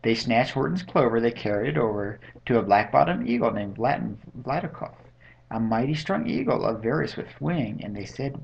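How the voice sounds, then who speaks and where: Gravelly man reading a bedtime story. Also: mid-range voice, normal speed, a little hiss or hum. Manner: lively, rhythmic read-aloud. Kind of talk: reading a picture book aloud. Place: home. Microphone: webcam mic. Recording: dull lo-fi webcam audio.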